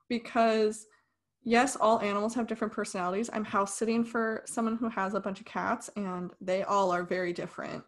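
A young woman talks through a film review on a podcast, and her talk is chatty and opinionated. Her voice sits at an ordinary middle pitch. She drops into dry sarcasm now and then. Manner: animated, opinionated, sarcastic asides. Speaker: podcast co-host. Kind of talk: casual film review chat.

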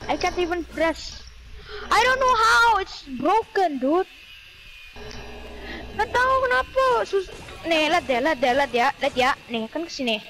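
A woman talking in online game voice chat as party leader, protesting loudly and switching languages. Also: sits high, expressive, moderate pace, noisy background.

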